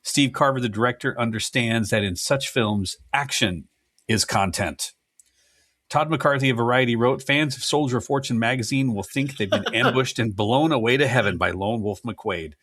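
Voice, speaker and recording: A man's voice: medium pitch, normal speed, fairly bright tone, dry recording. A man co-hosting a casual movie podcast, joking and reading critics' reviews aloud with wry asides. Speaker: podcast co-host.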